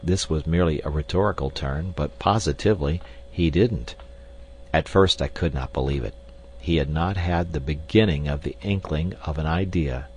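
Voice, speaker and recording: A man narrating a classic novel in the first person, measured and dramatic. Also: very deep voice, a little hiss or hum. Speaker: audiobook narrator.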